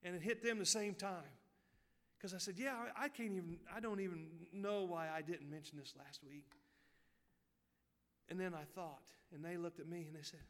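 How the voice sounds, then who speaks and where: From the pulpit, a male pastor tells a story at a moderate pace in a high, bright, ringing voice. He slips into hushed asides before building to loud, fervent peaks, and the long reverb of a large church hall surrounds his sermon storytelling.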